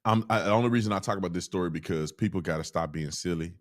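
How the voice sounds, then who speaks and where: A man's voice: low-pitched, fast talker. A man hosting a show, giving casual commentary in a mocking, scornful way. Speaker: host.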